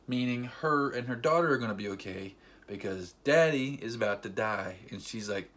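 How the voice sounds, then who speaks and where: A man vlogging a casual, excited movie recap, rambling with fillers and acting scenes out with sound effects like "boom" and "ding.". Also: fairly quick. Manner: animated storyteller with sound effects; loose, rambling, filler-heavy delivery.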